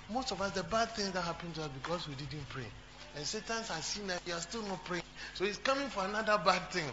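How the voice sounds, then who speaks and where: Male pastor, sermon, chatty and repetitive; higher voice, dull humming recording. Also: fast talker, background noise. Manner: repetitive, talks to the congregation, jokes and asks questions. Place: church.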